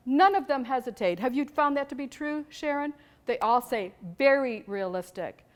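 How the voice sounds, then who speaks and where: A woman giving an animated storytelling talk to an audience about teaching teenagers, asking questions and rising to emphatic peaks. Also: sits high, moderate pace. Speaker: abstinence educator speaking to a church group.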